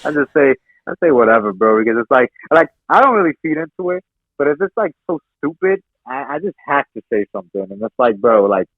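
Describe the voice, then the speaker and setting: Laid-back, slangy Bronx man, lively voice. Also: mid-range voice, fast, no echo, narrow, tinny audio. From the Bronx, New York. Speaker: podcast guest, comedian. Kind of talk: casual podcast chat.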